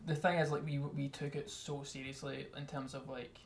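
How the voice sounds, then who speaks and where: A man's voice: mid-range voice, level tone, normal speed, vocal fry, a little hiss or hum. A young man, a band member chatting casually in an interview, rambling with self-mocking asides.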